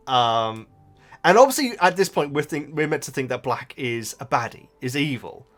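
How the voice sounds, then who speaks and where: A man talks through a book in a loose, rambling way, laughing as he goes. His voice is bright and lifts and drops all over the place, and soft music plays underneath. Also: mid-range voice, animated, normal speed. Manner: rambling, enthusiastic, laughs often. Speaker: YouTube reactor. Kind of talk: casual chat, book review.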